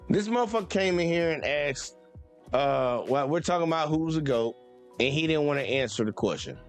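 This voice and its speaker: High-pitched dude going off on a live stream, cussing a lot, aave speech, faint music behind. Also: male voice. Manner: profane, exasperated, repetitive. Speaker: sports channel host. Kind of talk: heated live-stream rant.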